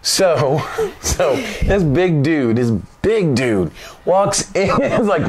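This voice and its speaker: A man hosting his own show, telling a funny story in an animated, loose way, laughing often and swearing casually. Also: fairly high pitch, slow, crowd noise. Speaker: vlog host. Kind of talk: comic storytelling.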